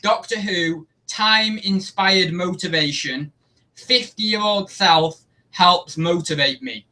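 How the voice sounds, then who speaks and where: A man's voice: high voice, slow, pushed and bright. A young man chatting casually on a live stream, rambling and poking fun at himself. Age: young adult. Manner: rambling, chatty and self-mocking. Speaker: YouTube host.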